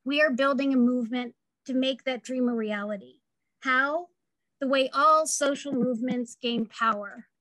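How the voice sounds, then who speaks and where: A woman's voice: high-pitched, normal speed, a bit bright. A woman telling a personal family story and making an earnest advocacy speech at a town hall. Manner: earnest, heartfelt, building to rallying calls.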